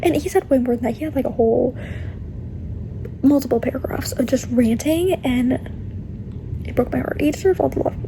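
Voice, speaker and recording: A woman's voice: high-pitched, fairly quick, pauses often, dark tone, a little hiss or hum. A young adult woman chatting casually in a reading vlog, rambling and earnest, often breaking into laughter as she talks about books. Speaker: book vlogger.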